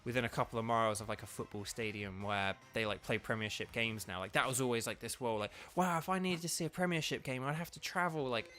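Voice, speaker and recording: A man's voice: medium pitch, fast, hardly any pauses, bright, forceful tone. A man from England, chatting casually as he streams a game, rambling with lots of fillers and restarts. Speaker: streamer and voice actor. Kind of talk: casual let's-play commentary.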